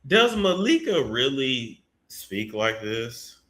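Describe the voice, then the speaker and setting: Animated, mocking male gossip commentator. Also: mid-range voice, takes it slowly. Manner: animated, profane, mocking, bursts into shouts. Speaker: commentary host. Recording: echoey room.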